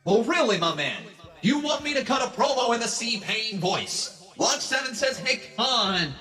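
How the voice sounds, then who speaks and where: Streamer host, male, live reaction commentary, excitable and profane, high bright voice. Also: normal speed. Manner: excitable, swears casually, chats to viewers. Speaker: wrestling watch-along streamer.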